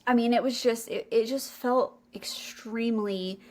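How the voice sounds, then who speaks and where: A woman's voice: on the high side, steady tone, unhurried, darkish tone. A young adult woman hosting a podcast, telling a personal faith story in an earnest, emotional way. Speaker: podcast co-host.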